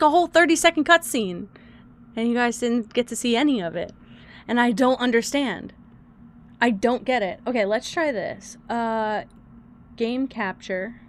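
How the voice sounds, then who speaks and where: A woman's voice: fairly high pitch, a bit bright. Flustered joking woman streamer. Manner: flustered and joking, swears, talks to chat. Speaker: livestreamer. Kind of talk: casual live-stream chat.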